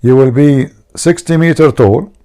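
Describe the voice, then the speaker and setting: A man's voice: mid-range voice, measured pace, dark tone. A man hosting a live stream, teasing his viewers and telling jokes in a mocking way. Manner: mocking, teasing, jokey asides.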